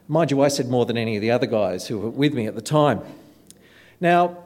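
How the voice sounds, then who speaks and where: A man giving a sermon, telling stories in an animated, self-deprecating way. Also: mid-range voice, fast talker. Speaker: preacher. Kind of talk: storytelling sermon.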